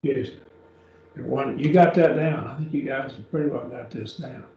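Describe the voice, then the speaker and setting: Gravelly-voiced man teaching in an echoey room. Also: medium pitch, moderate pace, warm tone. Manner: patient, explains step by step, often checks with "okay?". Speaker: Bible Greek teacher. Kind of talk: classroom teaching. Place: church classroom. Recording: echoey room, distant mic, dull lo-fi.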